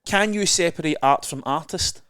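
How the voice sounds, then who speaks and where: A man's voice: on the high side, normal speed, fairly bright tone, clean tone, dry recording, clean studio sound. A man co-hosting a podcast, telling rambling, self-deprecating stories in casual chat. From Scotland. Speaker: podcast co-host.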